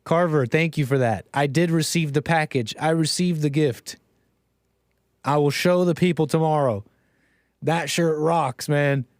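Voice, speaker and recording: A man hosts a casual live stream, joking and reacting with animated bursts as he reads out viewer messages. His voice sits a touch high for a man, and the sound is close and dry, with little room echo. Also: a little slow. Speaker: livestream host.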